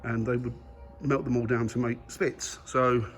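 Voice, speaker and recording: His medium-pitched voice stays level and measured as he walks around the museum grounds and aircraft halls, chatting keenly to viewers in a casual handheld vlog. Soft music sits behind the noisy surroundings.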